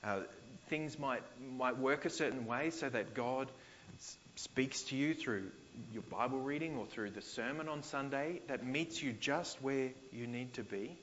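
A man's voice: medium pitch, a little slow, fairly bright tone, highs cut off, a little hiss or hum. A man with an Australian accent preaching a sermon as pastor, conversational, retelling scripture in everyday slang.

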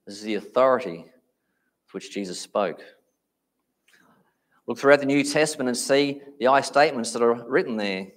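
A man preaching a sermon, speaking emphatically and slowing down to stress key phrases. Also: mid-range voice.

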